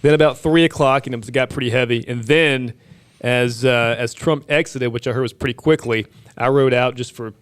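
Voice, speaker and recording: Radio co-host guy, mid voice, dead dry studio sound, quick little comebacks. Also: medium pitch, steady tone, clear, resonant tone, no echo. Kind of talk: casual morning show banter.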